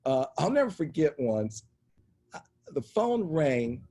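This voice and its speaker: Middle-aged male interview guest, husky and a touch high-pitched, animated storyteller who does the voices. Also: slow. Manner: animated anecdotal storytelling, acts out voices in quotes. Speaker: interview guest, media executive. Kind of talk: storytelling in conversation.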